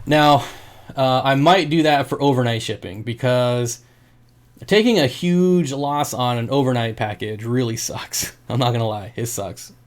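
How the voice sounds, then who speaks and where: A man's voice: medium pitch, measured pace. A man who sells aquarium fish, chatting casually on his livestream, joking and laughing often. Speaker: aquarium fish seller and streamer.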